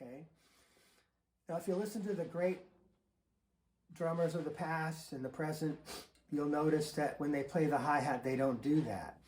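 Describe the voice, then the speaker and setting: Relaxed man teaching in a roomy studio. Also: fairly high pitch, moderate pace, faint music behind. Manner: relaxed, rambling, many fillers and restarts. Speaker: drum teacher. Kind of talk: casual instructional talk. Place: drum studio. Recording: roomy studio sound with faint noise. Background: drums and cymbals played between remarks.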